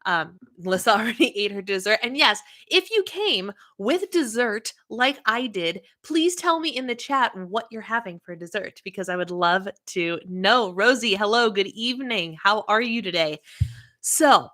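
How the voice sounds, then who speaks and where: A woman's voice: mid-range voice, lively intonation, normal speed, sharp tone. A woman hosting a casual livestream, chatting and greeting viewers by name. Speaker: livestream host.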